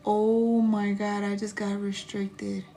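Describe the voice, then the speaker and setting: A woman in her thirties chatting casually on a live stream as a spiritual reader, animated and profane, with laughing asides. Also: medium pitch, slow, faint music behind.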